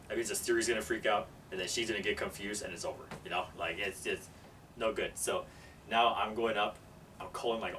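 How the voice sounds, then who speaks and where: A man telling a story casually, animated and acting out the people in it. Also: lowish voice. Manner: animated, acts out every character. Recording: distant mic, faint background noise.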